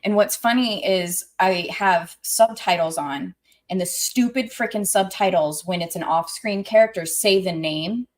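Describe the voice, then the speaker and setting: A woman's voice: fairly low pitch, measured pace. A woman co-hosting a podcast in casual chat, talkative and sometimes trailing off while searching for words. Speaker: podcast co-host.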